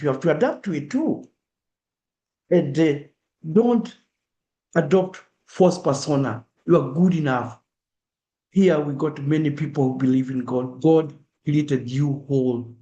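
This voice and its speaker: A man's voice: on the high side, warm tone, roomy sound. A man from Kenya with a Kenyan accent, giving an earnest public talk and urging his listeners emphatically. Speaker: speaker.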